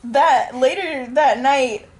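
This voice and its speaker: A woman's voice: high-pitched, takes it slowly, darkish tone. A woman telling a story in a casual vlog, laughing through her words.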